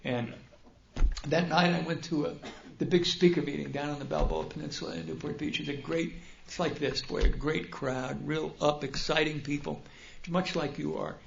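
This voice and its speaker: A gravelly, fairly high voice from an older man who tells his own story with wry, self-mocking humor and lively bursts. He speaks to a large meeting hall, and the dull, roomy recording echoes around him. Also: normal speed, slight background noise. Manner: humorous, self-deprecating and animated. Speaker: speaker at a recovery convention. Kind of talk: personal storytelling talk.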